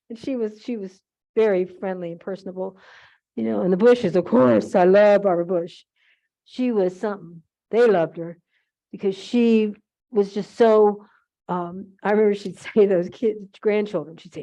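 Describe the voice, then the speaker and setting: Chatty older woman, mellow muffled voice. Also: medium pitch, moderate pace. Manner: chatty, rambling, with frequent asides and laughs. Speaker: holiday decorating demonstrator. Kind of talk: casual storytelling during a demonstration. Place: museum event room. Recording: muffled museum archive recording.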